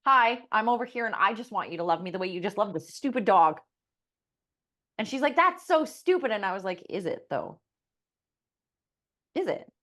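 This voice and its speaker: Woman co-host and coach, lively storyteller, mid pitch, plays out the people she quotes. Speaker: podcast co-host and life coach. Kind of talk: casual podcast chat.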